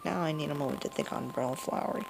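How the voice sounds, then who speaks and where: A woman's voice: low-pitched, fast talker, vocal fry. A woman voicing a folksy, grieving old grandmother from a video game, reading the dialogue in a drawling way. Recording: noisy home recording.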